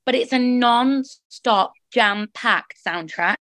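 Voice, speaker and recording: A woman's voice: a little high, takes it slowly, fairly bright tone, no echo. A woman, a musical theatre actress, chatting enthusiastically as a guest in an interview, often restarting her sentences. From England. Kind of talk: casual interview chat.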